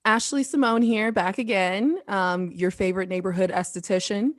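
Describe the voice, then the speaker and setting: A woman from Colorado, a returning guest who works as an esthetician, chatting in a relaxed way with frequent laughs and lots of fillers. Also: mid-range voice, moderate pace, no echo, clean studio sound. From Colorado, USA. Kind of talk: casual podcast conversation.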